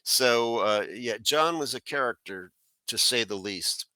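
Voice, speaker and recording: A man's voice: mid-range voice, expressive, a little slow, pushed and bright, no room sound. A middle-aged man from South Florida, a guest telling a rambling personal story full of fillers and restarts. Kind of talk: casual storytelling.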